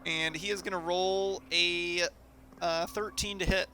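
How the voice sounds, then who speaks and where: A man narrating as dungeon master in a tabletop game over voice chat, relaxed and full of fillers. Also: high-pitched, slight background noise.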